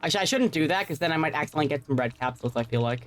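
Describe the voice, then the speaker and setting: A woman's voice: sits low, lively intonation, racing. Woman streamer who ends lines with "meow". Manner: playful and profane, tacks "meow" onto sentences. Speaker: game streamer. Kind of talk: live gameplay commentary.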